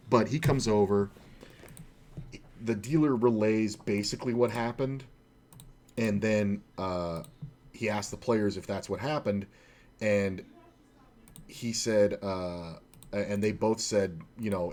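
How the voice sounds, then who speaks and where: A man's voice: on the low side, unhurried, a little mellow. A man who streams online poker, telling a long, casual, profane story with many "uh"s and restarts. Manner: rambling, profane, heavy on filler words. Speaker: poker streamer and former casino dealer trainer.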